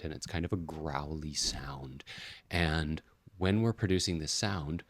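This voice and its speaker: Very deep-voiced man teaching pronunciation. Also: dry recording. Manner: slow, deliberate demonstrations of vowel sounds. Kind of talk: English pronunciation lesson to camera.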